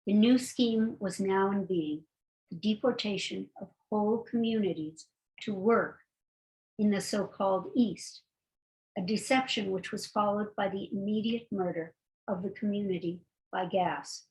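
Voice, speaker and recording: A woman presenting readings from a historian's books, reading passages in a measured, deliberate way with halting asides between them. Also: medium pitch, a little mellow, poor audio. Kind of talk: reading aloud from books with brief spoken asides.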